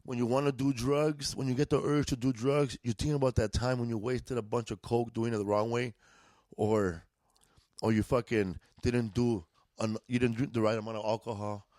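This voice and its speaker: A man's voice: mid-range voice, flat delivery, moderate pace, a little mellow, dry recording. Profane, laughing storyteller man. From East Los Angeles, USA. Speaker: comedian guest. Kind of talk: casual storytelling chat. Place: indoors, podcast studio.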